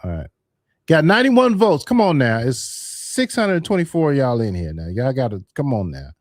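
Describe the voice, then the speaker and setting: A man's voice: mid-range voice, very animated, normal speed, a little mellow, no room sound, clean studio sound. A man hosting a live stream in a casual, chatty way, calling out poll votes to viewers. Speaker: livestream host.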